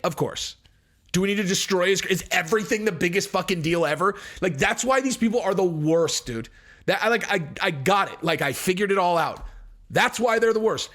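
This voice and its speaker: Profane, animated male vlog host. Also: high voice, moderate pace. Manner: profane, blunt, animated ranting. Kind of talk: casual ranting commentary.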